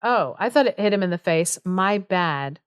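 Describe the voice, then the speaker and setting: A woman's voice: medium pitch, animated, normal speed, smooth, no echo, studio quality. Giggly, chatty woman podcast host. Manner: chatty, giggly, heavy on fillers. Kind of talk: casual storytelling chat.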